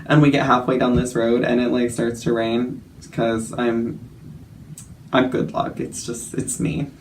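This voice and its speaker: A man's voice: medium pitch, level tone, unhurried, slight background noise. A young man telling a story in a casual vlog, chatty and self-mocking, full of fillers and laughs. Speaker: vlogger.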